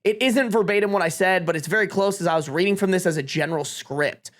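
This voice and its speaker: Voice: mid-range voice, quick pace, fairly bright tone. A live streamer reading Reddit posts aloud to chat, with reactions. Swears freely and laughs often. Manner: talks to chat.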